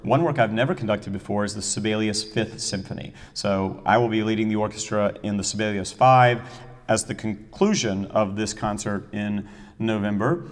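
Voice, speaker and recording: Middle-aged male music director, chatty and enthusiastic, low voice, long echo of a hall. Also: normal speed. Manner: chatty, enthusiastic storyteller with fillers. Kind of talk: casual season announcement talk.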